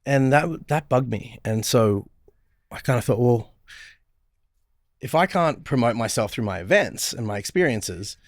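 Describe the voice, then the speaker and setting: A man's voice: medium pitch, expressive, a little slow, no room sound, clean studio sound. A man, a hospitality strategist, telling stories as a podcast guest, often restarting and repeating words. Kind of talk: casual interview chat.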